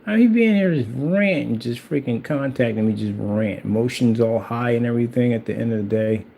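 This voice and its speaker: A man's voice: medium pitch, a little fast, creaky, dull audio, a little hiss or hum. A man hosting his own channel, talking casually and teasingly in a rambling, repetitive way while he paints at home. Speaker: channel host. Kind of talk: casual trash-talking monologue.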